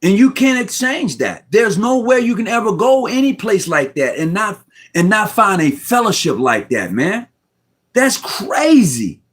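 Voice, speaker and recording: A man's voice: sits high, sing-song, a little slow, fairly bright tone, husky. A middle-aged man talking casually on a video call from home, heartfelt and rambling, repeating himself in slangy speech and close to tears. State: near tears. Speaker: Mason guest on a live stream. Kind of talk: emotional casual talk. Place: room at home.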